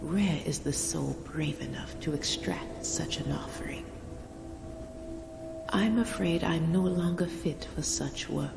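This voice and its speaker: Whispered role-play, frail devout priestess, low creaky whisper, slow and solemn, roomy game audio with music behind. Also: female voice, full character voice. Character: frail reverent woman, keeper of sacred rites.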